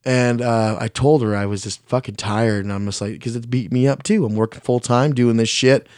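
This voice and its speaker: Here a man shares a personal story casually on a podcast, his mid-range, slightly mellow voice moving at a moderate pace with fairly even intonation. Blunt and profane, he mocks himself, often starts sentences over and says what he thinks, recorded in clean studio sound with no echo.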